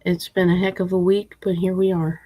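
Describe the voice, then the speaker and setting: Monotone, dry young woman producer. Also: on the low side, brisk, rough recording. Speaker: show producer. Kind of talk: casual chat.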